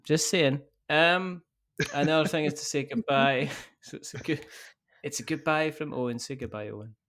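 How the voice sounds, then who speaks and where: A man's voice: on the high side, normal speed, fairly bright tone. Jokey, chuckling podcast host man. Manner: jokey, chuckling, playful teasing. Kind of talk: casual podcast sign-off.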